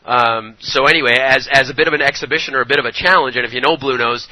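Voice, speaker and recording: A man's voice: mid-range voice, quick pace, pushed and bright, no echo, rough recording. A man hosting an interview, asking long rambling questions with fillers. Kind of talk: casual interview.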